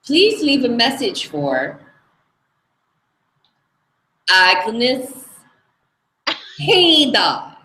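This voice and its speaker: A woman imitating her elderly mother-in-law from Hungary, with a Hungarian accent, speaking slowly and loudly. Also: on the high side, huge pitch swings, roomy sound, pitched above the performer's own voice, full character voice, poor audio. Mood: formal. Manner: slow, loud, drawn-out.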